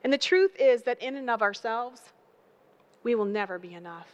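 A woman preaching a sermon, building emphatic repeated phrases and telling animated stories. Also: a little high, moderate pace, highs cut off. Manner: animated storytelling with acted voices.

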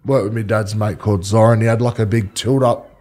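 A man's voice: fairly low pitch, steady tone, a little fast, darkish tone. A man with an Australian accent, a former rugby league player, telling rambling stories and swearing freely in casual chat.

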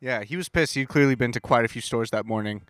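A man's voice: medium pitch, quick pace, clear, resonant tone, no echo, studio quality. A man co-hosting a podcast in casual chat, telling stories with lots of swearing and acting out the people he met. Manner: animated storyteller, profane, acts out people he met. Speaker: podcast co-host.

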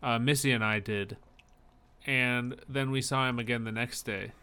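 A man's voice: mid-range voice, steady tone, normal speed, sharp tone, clear, resonant tone. A young man co-hosting a podcast, chatting casually and telling a story while acting out the people in it. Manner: storytelling, acts out quoted people. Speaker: podcast co-host. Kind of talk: casual chat.

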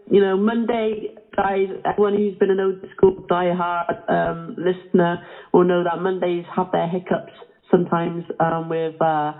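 A woman co-hosting a casual chat show, chatty and encouraging. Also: lowish voice. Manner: chatty, encouraging, quick to laugh. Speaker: podcast co-host. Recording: tinny phone-like audio.

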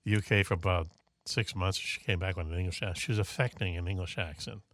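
A man's voice: low voice, steady tone, a bit bright, no room sound, clean studio sound. A man hosting a casual radio talk show with a Boston accent, rambling and joking between topics. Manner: jokey, rambling, quick asides.

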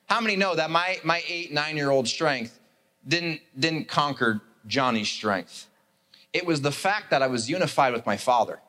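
Pastor guy preaching, animated storyteller, voice a bit high for a man. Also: normal speed. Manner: animated storytelling, acts out characters. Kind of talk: sermon.

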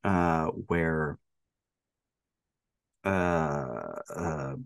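A man's voice: deep voice, drawn-out words, gravelly. A man co-hosting a podcast, casually retelling a film's plot with lots of laughter and acted-out lines. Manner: animated, laughs often, acts out character lines. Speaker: podcast co-host.

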